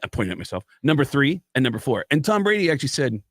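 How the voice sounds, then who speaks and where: An American stand-up comedian and impressionist appears as a guest on a talk show, telling stories in casual chat. He's an animated storyteller who acts out the lines of the people he quotes, talking fast in a mid-range voice. The sound is clean studio quality with no echo.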